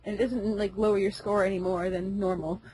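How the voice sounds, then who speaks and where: Husky-voiced woman chatting on a podcast. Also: medium pitch, flat delivery, brisk, a little mellow, no room sound, poor audio. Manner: chatty, laughs often, many "like" fillers. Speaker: podcast co-host. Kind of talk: casual gaming podcast chat.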